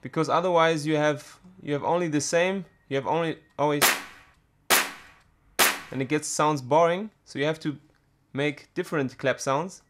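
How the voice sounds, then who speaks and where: A man's voice: a little high, very noisy. Hesitant man explaining drum production. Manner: halting, many fillers and restarts. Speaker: music production tutor. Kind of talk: screen-recorded software tutorial.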